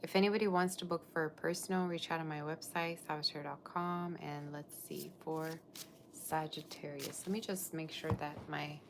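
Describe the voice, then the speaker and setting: A woman's voice: deep voice, steady tone, moderate pace, gravelly, a little hiss or hum. A woman reading tarot on a live stream, gushing over her viewers and chatting loosely between cards. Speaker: tarot reader.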